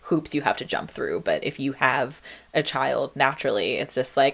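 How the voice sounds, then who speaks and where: Low-voiced woman podcast host musing. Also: lively intonation, moderate pace. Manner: reflective, chatty, many ums and likes, reads her old song lyrics aloud. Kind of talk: casual solo podcast monologue.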